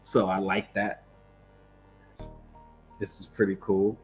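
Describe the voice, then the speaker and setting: A man co-hosting a livestream, talking casually about pop culture in an animated, emphatic way full of rhetorical questions. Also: on the low side, slow pace, faint music behind. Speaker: livestream co-host.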